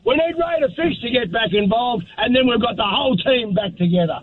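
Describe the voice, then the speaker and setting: A man's voice: very high-pitched, animated, fairly quick, no room sound. A man with an Australian accent, calling in to a talk show, upbeat and effusive with plenty of slang. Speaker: caller. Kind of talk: call-in chat. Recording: tinny phone line with faint noise.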